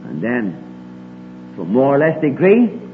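Male preacher, animated sermon delivery, emphatic rises and hushed asides, long hall reverb. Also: a little slow. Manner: swings between emphatic rises and quiet low asides. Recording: tinny lo-fi recording with long hall reverb and faint hum.

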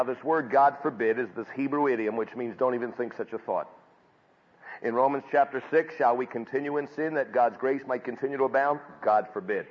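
A man preaching a sermon from scripture, building up to loud emphatic peaks and then dropping back low. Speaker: pastor. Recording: dull audio with long hall reverb.

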